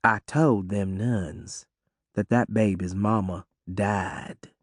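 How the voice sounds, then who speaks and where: A man doing gruff, stern woman Simone. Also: expressive, darkish tone, dry recording, studio quality, natural voice. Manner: slow, low, clipped dialect. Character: gruff, hard-drinking Southern woman, stern and secretive.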